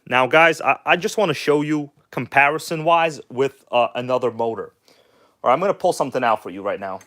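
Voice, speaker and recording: On a live stream, a man casually chats and rambles to his viewers, addressing them as "guys," sounding enthusiastic and blunt with offhand swearing. His voice sits at a middle pitch with a fairly bright tone, and the recording is close and dry, free of room echo.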